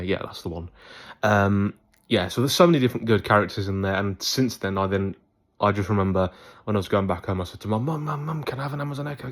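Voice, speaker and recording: A young man telling a rambling, chatty story to his viewers in a casual vlog. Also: lowish voice. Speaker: YouTuber.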